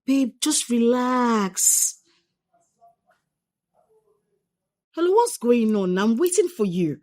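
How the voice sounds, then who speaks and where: A woman's voice: a little high, big pitch swings, unhurried, a little mellow. An actress with a Nigerian accent playing a young wife who is exasperated with her neglectful husband and repeats herself when angry. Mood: impatient. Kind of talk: Nigerian film drama acting.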